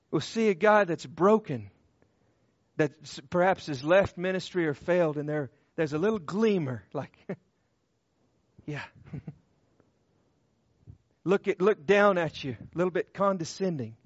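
A man preaching a sermon with passion, who swings from loud emphatic cries to hushed tender tones and repeats short phrases for emphasis. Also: high voice, expressive, measured pace, long pauses, no echo, dull audio.

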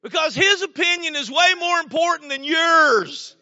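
A male preacher with a very high, bright voice gives a folksy, story-filled sermon. He repeats his words as he goes and bursts into shouts to drive a point home. The sound is dry and a little muffled. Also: lively intonation, normal speed, no room sound. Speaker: pastor.

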